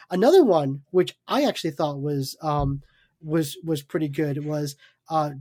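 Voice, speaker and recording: A man co-hosting a podcast, telling stories in casual chat, animated, with many fillers. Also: fairly high pitch, unhurried, dry recording. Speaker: podcast co-host.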